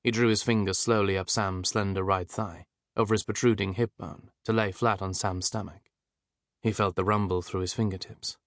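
A male audiobook narrator with a fairly low voice, reading in a measured, even way. The sound is dry and close, with no room around it. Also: no room sound.

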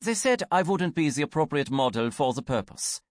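A man's voice: on the high side, sing-song, moderate pace, no room sound. A man reading an audiobook and voicing a blunt young woman who speaks in a dry, matter-of-fact, dismissive way. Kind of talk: audiobook character voice.

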